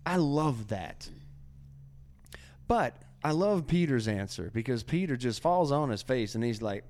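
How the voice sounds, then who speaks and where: A man hosting a casual faith podcast, talking in an animated, preachy way and often acting out quotes. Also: mid-range voice, unhurried. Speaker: podcast host.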